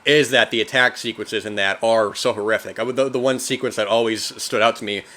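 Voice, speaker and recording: A man hosting a film podcast, reviewing in a loose, rambling casual talk, often tossing in "man" and getting animated when he mimics reactions. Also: fairly low pitch, brisk.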